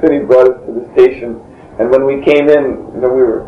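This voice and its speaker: Here the interviewee talks fast in a mid-range voice with fairly even intonation, drifting through a long story and often breaking off into chuckles. The recording is dull, roomy lo-fi tape with faint hiss.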